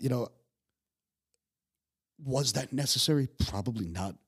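Fast, husky New York man telling stories. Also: on the low side. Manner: profane, animated storyteller with many stammered restarts. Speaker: guest chef. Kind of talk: casual podcast conversation.

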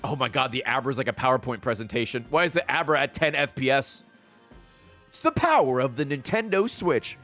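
Excitable, swearing male streamer. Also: medium pitch, soft background music. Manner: excitable, profane, quick to laugh. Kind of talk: casual gaming stream commentary.

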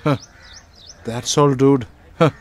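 A man's voice: mid-range voice, steady tone, slow pace, a little hiss or hum, lightly acted. A man voicing an irritable young man in a film dub, curt and threatening. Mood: irritated.

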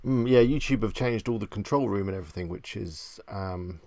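A man's voice: on the low side, brisk, a little mellow, slight background noise. A man hosting a casual live stream, chatty and self-deprecating, greeting viewers by name.

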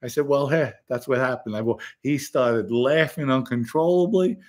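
A man tells stories in a loose, casual chat. He speaks bluntly, swears freely and laughs at his own jokes, his voice sitting in a plain middle pitch. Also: moderate pace, darkish tone. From the Bronx, New York. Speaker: podcast host telling stories.

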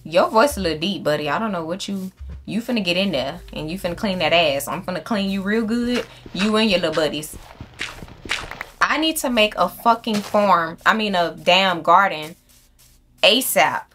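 A woman's voice: on the low side, normal speed, fairly bright tone, faint music behind. Profane, chatty woman gaming host. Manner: chatty, profane, talks straight to viewers; talks to the game animals. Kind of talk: casual let's-play commentary.

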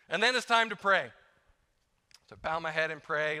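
A man's voice: a little high, takes it slowly, pauses often, bright, forceful tone, clean tone. A middle-aged man preaching as a guest speaker, talking in a conversational, self-deprecating way and acting out little prayers. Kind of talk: sermon. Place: church sanctuary. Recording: long church reverb.

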